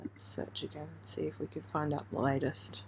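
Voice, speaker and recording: A woman from Australia hosting a true crime channel, giving halting, emotional live commentary on breaking news while trying not to cry. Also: low-pitched, little pitch movement, vocal fry, darkish tone, breathy edge. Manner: halting, emotional, hesitant with restarts. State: near tears.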